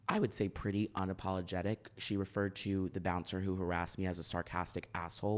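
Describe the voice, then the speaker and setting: A young man, co-hosting a podcast and telling stories in casual chat, acting out the people he quotes. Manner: animated, acts out quotes with big shifts in pitch. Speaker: podcast co-host.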